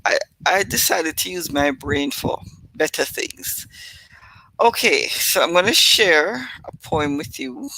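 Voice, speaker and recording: Middle-aged Jamaican woman host, bright and chatty, casual storyteller. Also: lowish voice, expressive, slow pace, creaky, slight background noise, rough recording. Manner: chatty, laughs at her own stories. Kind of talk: casual live-stream storytelling.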